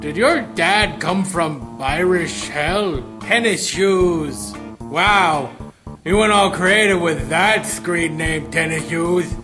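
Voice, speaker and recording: A man co-hosting a comedy show, reading out listener shout-outs with teasing jokes. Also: a little high, slow pace, music in the background. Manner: wisecracking, teasing. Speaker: co-host.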